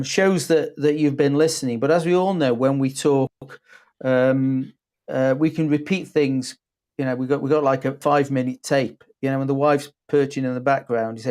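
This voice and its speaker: Man talking sales, halting and chatty. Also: on the high side, darkish tone. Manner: hesitant, many restarts and fillers. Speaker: host. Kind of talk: casual sales coaching chat.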